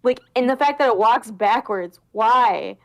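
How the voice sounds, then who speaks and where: A woman's voice: on the high side, unhurried. A woman from Minnesota, chatting casually on a podcast and telling a creepy story with lots of fillers. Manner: animated storyteller, hesitant fillers. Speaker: podcast guest. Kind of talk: casual chat.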